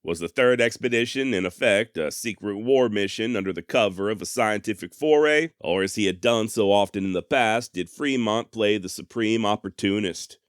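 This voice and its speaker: A man's voice: on the low side, clean tone, no echo, studio quality. A man hosting a history podcast, telling the story in a wry, folksy way and often mocking himself. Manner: wry, sarcastic, self-mocking; folksy turns of phrase.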